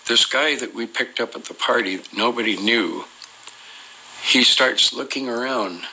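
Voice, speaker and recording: A man's voice: medium pitch, unhurried, creaky, sharp tone, husky, rough recording. A man casually recounting a story at length, rambling with many fillers and restarts and acting out the quoted voices of others. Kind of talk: casual spoken anecdote.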